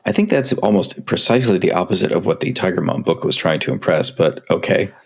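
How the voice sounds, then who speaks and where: A man's voice: sits low, expressive, fairly quick, vocal fry, breathy edge. A man co-hosting a casual podcast conversation, speaking candidly and self-critically and swearing freely. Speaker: podcast co-host.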